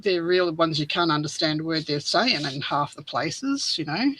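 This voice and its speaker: Bright-voiced Australian woman. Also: low-pitched, moderate pace, a little hiss or hum, rough recording. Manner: easygoing, explanatory, chatty. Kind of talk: casual chat.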